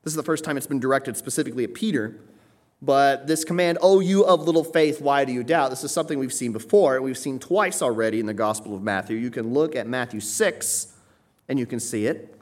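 A man preaching an expository sermon, explaining a passage and often checking in with his listeners. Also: medium pitch.

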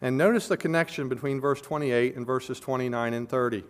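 A man preaching an expository sermon as pastor, earnestly, swelling loud on key words and then dropping low. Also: brisk.

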